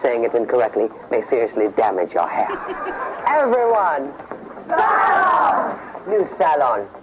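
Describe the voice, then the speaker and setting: A comic actor playing a smarmy male hair-product pitchman in an exaggerated commercial parody, on rough old TV audio. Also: animated, normal speed, lo-fi sound, very noisy, close to an everyday voice. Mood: pitchy. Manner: exaggerated infomercial pitch, fake accent.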